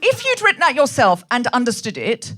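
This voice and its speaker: Woman comic host, live stand-up, very animated pitch, chatty and laughing, on a stage mic. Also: brisk. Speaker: comedy podcast host. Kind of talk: live stand-up comedy monologue. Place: comedy venue stage with a live audience.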